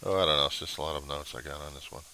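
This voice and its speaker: A man's voice: very deep voice, very fast, sharp tone, dry recording. A man rambling and grumbling to himself at his home computer in a video diary, recorded on a webcam. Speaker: diary vlogger.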